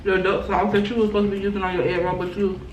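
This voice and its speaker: A woman's voice: mid-range voice, flat delivery, racing, darkish tone, dull audio. A woman hosting a casual food chat, teasing and laughing often. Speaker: vlogger host. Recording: roomy, from a distance, faint noise.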